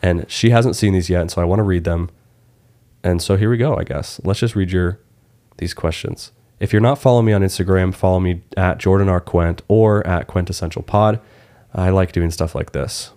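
A young man hosting a podcast, chatting casually and telling crude, animated stories about home life. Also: sits low, moderate pace. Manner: joking, crude, animated storyteller. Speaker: podcast host. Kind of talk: casual chat.

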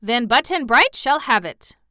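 A woman's voice: a little high, big pitch swings, a little slow, bright, forceful tone, dry recording, clean studio sound, pitched above the performer's own voice, full character voice. A woman voicing a shy, humble vagabond man in an audiobook, speaking earnestly and plainly. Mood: eager. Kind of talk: audiobook character reading.

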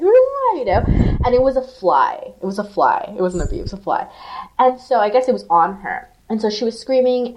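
A woman co-hosting a podcast, telling an animated, profanity-laced story full of "like" fillers in casual chat. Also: medium pitch, slight background noise. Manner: animated, swearing, lots of "like" fillers. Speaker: podcast co-host.

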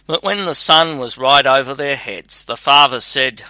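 A man giving a measured, scripted narration of a fairy tale. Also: mid-range voice, sharp tone, no room sound.

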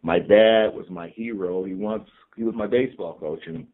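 A man in his sixties from California, a team chaplain calmly telling stories from his life as a podcast guest. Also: on the low side, normal speed. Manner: calm, reflective storyteller. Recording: tinny phone-like remote line.

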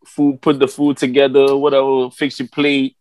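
A man's voice: medium pitch, monotone, moderate pace, darkish tone, no room sound. Laid-back man on a dry podcast mic. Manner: laid-back, rambling, full of fillers. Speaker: podcast co-host. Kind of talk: casual podcast storytelling.

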